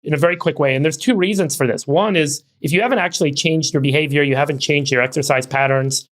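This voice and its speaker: A man's voice: fairly high pitch, fast, a bit bright. Fluent man explaining on a podcast. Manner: fluent, repeats words while explaining. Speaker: podcast co-host.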